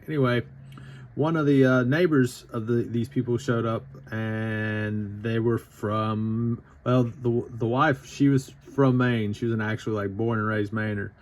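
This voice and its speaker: A man's voice: mid-range voice, slight background noise. A man in his thirties with an Appalachian Southern drawl, telling a casual anecdote in a rambling, profane way full of fillers. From Southern United States. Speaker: storytelling vlogger.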